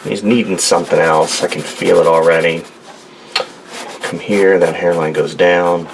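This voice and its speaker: A man's voice: low-pitched, fairly even intonation, measured pace, creaky, background noise. A man talking casually and rambling through a drawing demonstration at his desk, joking and talking to himself as he works. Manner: rambling, jokey, talks to himself while drawing. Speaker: artist. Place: home studio desk.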